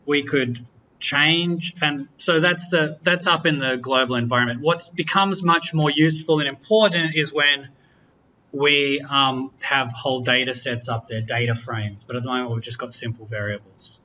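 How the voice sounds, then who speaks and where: A man teaching a university class, walking students through software in a relaxed, chatty way, correcting himself and joking as he goes. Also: medium pitch, normal speed, dull audio, a little hiss or hum. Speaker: university lecturer. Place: lecture room.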